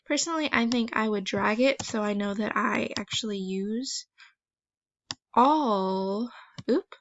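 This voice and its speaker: A woman teacher talking students through an online phonics assignment, gentle and encouraging, step by step. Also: a little high, unhurried. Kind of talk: recorded online lesson walkthrough. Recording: dry, slightly dull screen recording.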